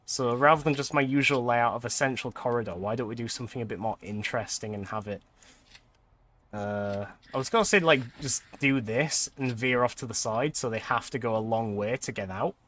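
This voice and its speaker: Bright-voiced man streaming a game. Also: mid-range voice. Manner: chatty, quick to laugh. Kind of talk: casual gameplay commentary.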